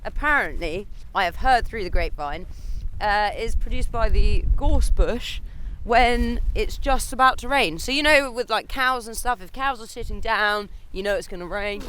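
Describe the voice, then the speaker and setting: A relaxed speaker in casual chat, sharing opinions and anecdotes. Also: medium pitch, normal speed, a little hiss or hum, poor audio. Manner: relaxed, chatty, shares anecdotes.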